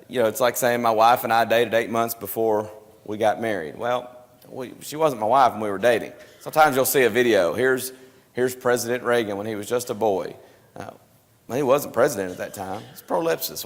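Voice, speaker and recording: Man teaching a church Bible class. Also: on the low side. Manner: conversational, explanatory, with many restarts. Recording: live stream with hall reverb.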